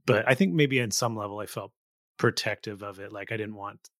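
Earnest podcast host, dry close sound. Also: male voice, fairly low pitch, a little fast, a bit bright, no room sound. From Bay Area, USA. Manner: eager, earnest fan talk. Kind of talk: casual interview chat.

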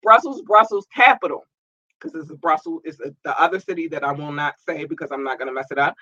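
Upbeat male podcast host, animated, slightly high voice, dry close sound. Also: quick pace, dry recording, dull audio. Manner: upbeat, animated, stumbles over place names. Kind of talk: casual shout-outs to listeners.

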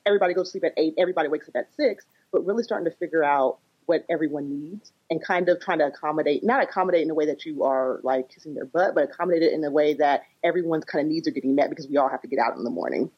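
This woman is a therapist and parenting coach on a podcast. Her voice is low and slightly husky, and she talks at a brisk pace. She explains her ideas by acting out everyday scenes, and the recording sounds muffled and lo-fi. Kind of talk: conversational podcast interview. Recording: dull lo-fi audio.

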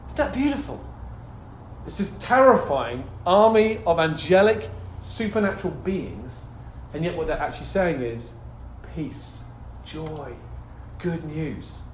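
Male pastor, high voice, animated preaching from hushed to loud, roomy hall with faint hum. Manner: animated, swings from hushed to loud exclaiming, calls for hallelujahs. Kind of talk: sermon. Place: church hall. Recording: echoey hall, faint ambience.

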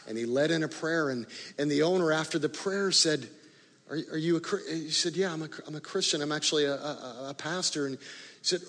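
A male pastor telling a story in a sermon, animated in the story and quiet and low in the prayer. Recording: long reverb of a large hall.

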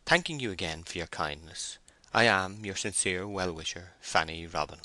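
A man's voice: low-pitched, animated, normal speed, bright, forceful tone, no room sound, heavily acted. A man reading as a hopeful young woman. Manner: polite, earnest letter-reading. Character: naive, hopeful young woman writing a letter. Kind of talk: audiobook letter reading.

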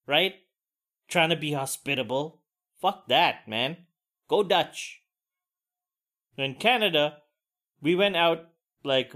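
Guy in his 40s ranting on his own podcast, swears a lot, kinda higher voice, keeps saying you know and man. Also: fairly bright tone. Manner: blunt, profane ranting; loose, conversational asides. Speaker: podcast host. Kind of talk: casual solo monologue.

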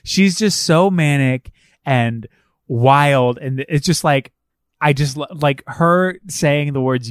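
A man's voice: mid-range voice, animated, a little slow, no echo, clean studio sound. A man in a casual chat about a film, retelling scenes by acting out the characters' lines and swearing freely.

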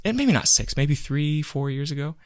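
In a dry, studio-quality recording, a podcast co-host with a slightly high voice speaks at normal speed. He tells a story in casual conversation with animated energy, performing each quote.

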